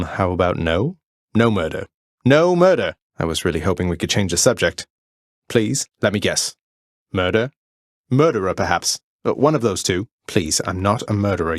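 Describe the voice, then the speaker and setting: Zagreus, sardonic underworld prince. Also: male voice, low voice, dry recording. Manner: wry, sarcastic quips. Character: young male underworld god prince, wry and defiant. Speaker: video game protagonist. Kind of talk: game voice lines. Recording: dry studio recording.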